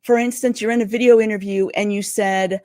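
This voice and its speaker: A woman career coach giving interview tips in a livestream, talking fast and excitedly. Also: medium pitch, no room sound, clean studio sound. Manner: energetic, talks fast and excitedly.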